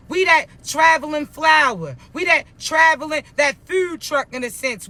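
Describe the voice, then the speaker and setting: A man's voice: very high-pitched, pushed and bright. A man giving a blunt, profane spiritual pep talk to his viewers, often repeating that he isn't playing. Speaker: spiritual motivational speaker. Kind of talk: preachy motivational monologue to viewers.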